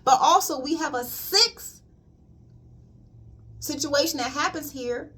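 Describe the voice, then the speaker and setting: A woman's voice: high-pitched, slow pace, fairly bright tone. A woman colon hydrotherapist giving a casual spiritual wellness talk, emphatic and repetitive, calling listeners "queen.".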